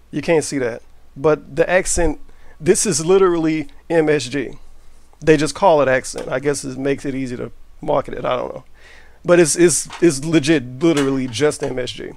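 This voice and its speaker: Gravelly man rambling while cooking. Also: fairly high pitch, no echo. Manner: rambling, profane, offhand. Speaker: cooking vlogger. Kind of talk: casual cooking vlog. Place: home kitchen. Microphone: camera mic while cooking.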